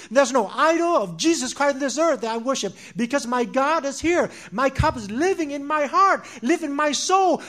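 A man preaching a sermon, swinging between loud declarations and hushed asides, repeating phrases and calling listeners "my friend.". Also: extremely high pitch.

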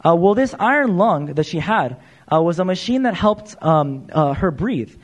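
A man's voice: high voice, animated, moderate pace. A man preaching a sermon in a casual, conversational way, often saying "uh" and calling his listeners "you guys". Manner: conversational, frequent "uh" fillers, addresses crowd as "you guys". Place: church.

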